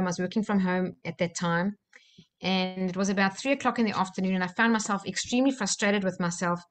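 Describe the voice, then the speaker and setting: A woman, a life coach speaking live from her home office and telling a personal story with plenty of fillers. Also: mid-range voice. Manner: chatty storytelling with many fillers. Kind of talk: live-streamed talk to viewers.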